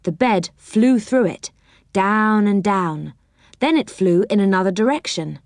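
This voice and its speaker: Slow, lively woman reading a children's story. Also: medium pitch, no room sound, studio quality. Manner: expressive, unhurried storybook reading.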